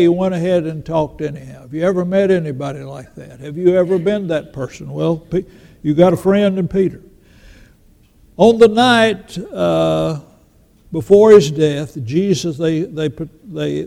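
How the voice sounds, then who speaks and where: A man's voice: fairly high pitch, moderate pace, gravelly, mellow. An older man preaching a sermon in a folksy storytelling manner, acting out the voices of the people he quotes. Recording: long reverb in a large hall.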